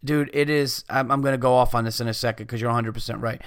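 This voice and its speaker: Podcast host, male, exasperated profane rant, smooth clear voice, dry close mic. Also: medium pitch, steady tone, quick pace, no room sound. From United States. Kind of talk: casual ranting monologue.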